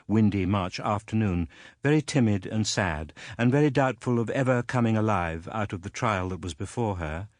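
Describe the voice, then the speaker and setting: A man narrating a classic novel in a measured, expressive storytelling manner. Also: lowish voice, no echo, studio quality. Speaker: audiobook narrator.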